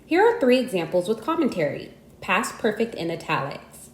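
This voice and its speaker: A woman narrating a scripted grammar lesson in a measured, explanatory way. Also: medium pitch, echoey room, slight background noise. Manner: measured, explanatory reading with lively emphasis. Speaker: audiobook narrator.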